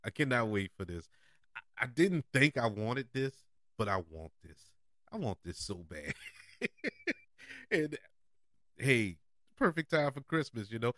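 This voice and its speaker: A man's voice: mid-range voice, very animated, unhurried, long pauses, a bit bright, no room sound, studio quality. A man hosting a casual movie preview show, chatty and often laughing. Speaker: podcast host.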